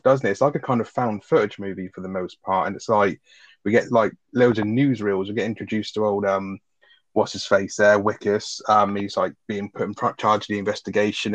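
A man's voice: on the low side, no room sound. A man co-hosting a casual film podcast, blunt and sweary, who also reads out a plot synopsis. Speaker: podcast co-host.

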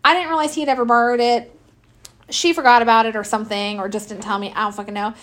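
A woman's voice: on the high side, fairly even intonation, quick pace, fairly bright tone. A middle-aged woman telling brash, profane stories about her kids in casual chat. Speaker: podcast host. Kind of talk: casual storytelling.

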